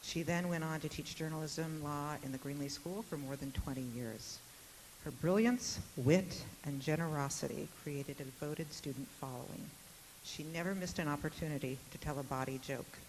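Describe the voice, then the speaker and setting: A woman's voice: deep voice, normal speed, a little mellow. A woman moderating a university panel, speaking in a witty, chatty way with some fillers. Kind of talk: public talk. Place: lecture hall. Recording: noisy hall recording with hiss.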